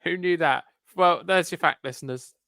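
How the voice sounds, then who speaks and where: A man's voice: fairly high pitch, creaky, a bit bright, no room sound. Dry, teasing man. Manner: dry, teasing, quick to correct others. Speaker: podcast host and editor. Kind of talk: casual chat.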